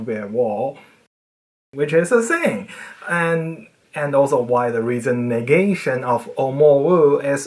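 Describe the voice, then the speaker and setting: A speaker giving a casual educational monologue about language, explaining with a playful, nerdy manner that swings widely in pitch and trails off quietly at the ends of phrases.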